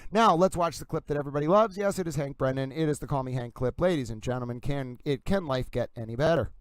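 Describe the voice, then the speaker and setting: Guy running a livestream, grand showman patter, smooth clear voice, dry sound. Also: medium pitch, fast talker, dry recording. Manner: theatrical and effusive, keeps saying "ladies and gentlemen". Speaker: livestream host. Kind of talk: livestream commentary.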